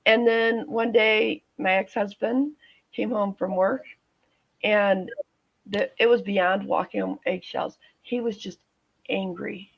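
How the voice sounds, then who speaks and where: Woman, 50s, guest telling her own story; gravelly, halting delivery, dull lo-fi recording. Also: medium pitch. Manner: halting, many restarts and fillers. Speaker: guest, nurse. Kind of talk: personal storytelling in interview. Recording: dull lo-fi audio.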